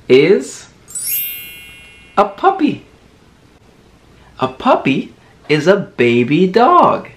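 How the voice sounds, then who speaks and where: Man, toddler teacher, very slow, lively bouncing pitch, exaggerated word modelling. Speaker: children's teacher.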